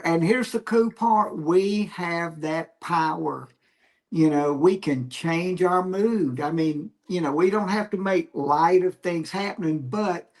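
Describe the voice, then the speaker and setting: A male comedian, a guest on a podcast, telling stories in an animated, reflective way about his craft. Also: on the high side, gravelly. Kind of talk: casual storytelling chat.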